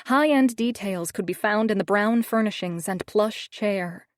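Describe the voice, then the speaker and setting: A woman's voice: mid-range voice, a little slow, no echo. A woman narrating a first-person romance audiobook in a wry, snarky tone, on a studio microphone.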